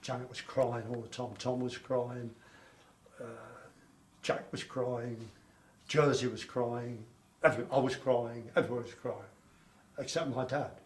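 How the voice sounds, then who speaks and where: In a steady, measured, mid-range voice, an older man tells an interviewer about his wartime childhood, rambling and repeating points along the way. It's an oral history interview recorded in an echoey room with faint background noise.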